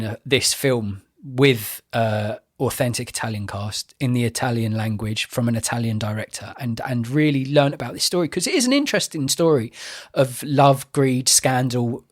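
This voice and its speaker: Opinionated man co-hosting. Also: medium pitch. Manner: measured, opinionated, restarts phrases. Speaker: podcast co-host. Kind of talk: casual film review chat.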